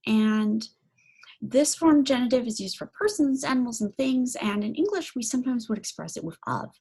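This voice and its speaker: A woman lecturing on German grammar, saying German example phrases slowly and then giving them in English, with frequent ums. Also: mid-range voice, a little mellow, slightly rough. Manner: slow, deliberate explanations with frequent fillers. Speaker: German language instructor.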